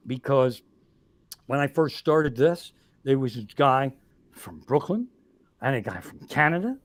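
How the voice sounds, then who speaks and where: A man, a stand-up comedian, telling stories on a podcast with heavy swearing and exasperated rants. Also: medium pitch. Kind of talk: profane comic storytelling. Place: podcast studio.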